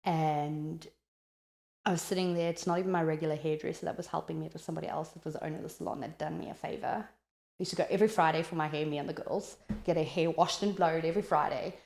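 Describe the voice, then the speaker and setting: A South African woman telling a personal story in an animated, chatty way, with many "like" fillers, as a podcast guest. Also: sits low, fast, gravelly, reverberant.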